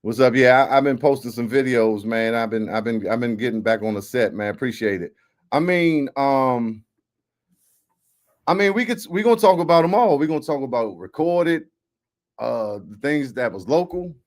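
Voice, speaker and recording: A man's voice: medium pitch, expressive, moderate pace. Laid-back male radio host. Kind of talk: casual radio talk.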